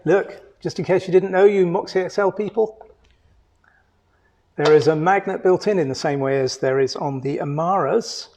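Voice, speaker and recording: A man's voice: fairly high pitch, moderate pace, darkish tone, a little hiss or hum. A man co-hosting a livestream, adding brief, dry remarks with hesitant fillers. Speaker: co-host of a quilting shop livestream. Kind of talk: casual livestream chat.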